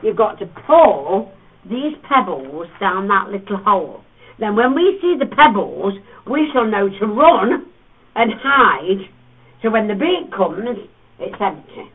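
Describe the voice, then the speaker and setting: Leading a group through a cave, a man whose voice sits high, slow and husky teases his listeners with stories and lively character voices. The sound is thin and distant, phone-like.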